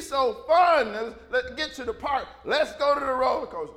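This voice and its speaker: A pastor in his fifties delivers a relaxed, story-driven sermon, imitating the voices of the people in his tales and laughing often. His voice is very high and sharp, and he talks fairly fast with hardly a pause.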